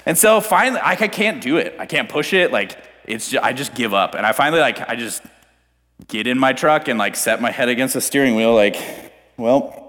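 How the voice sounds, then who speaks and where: Animated young man preaching in a hall. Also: medium pitch, a little fast. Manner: animated, self-deprecating, filler-heavy storytelling. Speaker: pastor. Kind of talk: storytelling sermon. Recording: long hall reverb.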